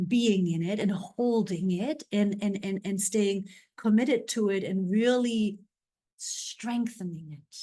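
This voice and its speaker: Slow, gentle-spoken spiritual guide woman. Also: mid-range voice. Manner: unhurried, affirming, repetitive phrasing with frequent "right?" tags. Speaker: spiritual coach and podcast host. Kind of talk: spiritual guidance monologue.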